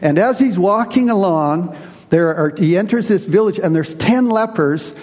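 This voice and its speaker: A pastor preaching a sermon to his congregation, earnest and emphatic, slowing down to stress key words. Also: sits high, expressive, a little mellow. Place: church. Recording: reverberant hall.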